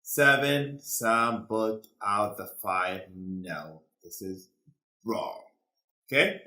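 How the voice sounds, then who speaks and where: A male teacher speaks slowly and deliberately as he quizzes his class with true-or-false questions. His voice is bright and forward. The room gives it a noticeable echo. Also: lowish voice. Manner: slow, deliberate, quizzing students. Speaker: English teacher. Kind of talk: classroom lesson.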